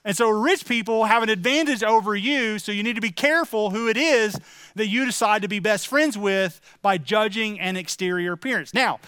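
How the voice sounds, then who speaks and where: A man's voice: sits high, pushed and bright, smooth, no echo. A middle-aged male pastor giving a sermon in a conversational way, asking the congregation questions and turning stern and emphatic. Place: church sanctuary.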